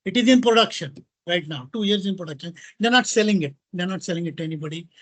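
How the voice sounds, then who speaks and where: A middle-aged man from India with an Indian accent, giving a lively informal talk to an audience, mixing in Hindi phrases and often checking in with "right?" and "okay?". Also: sits high, fast. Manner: animated, mixes Hindi into English, repeats "right?" and "okay?". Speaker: guest speaker.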